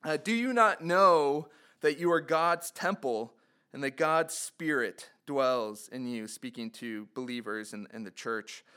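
A man's voice: medium pitch, a little slow, bright, forceful tone, clean tone. A man preaching a sermon, reading scripture aloud and putting earnest rhetorical questions to his listeners. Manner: reads scripture aloud, rising in fervor on quoted cries.

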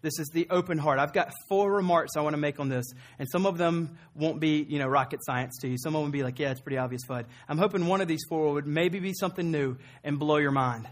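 Earnest man preaching, voice a bit high. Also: fast talker, few pauses. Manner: earnest and emphatic, repeating phrases for effect. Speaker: pastor. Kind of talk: sermon.

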